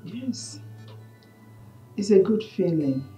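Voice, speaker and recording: A royal mother speaks slowly with a dark, mellow voice. She measures her words and questions her son's choices. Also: mid-range voice, lively intonation, faint music behind, rough recording. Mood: advising. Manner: measured, probing.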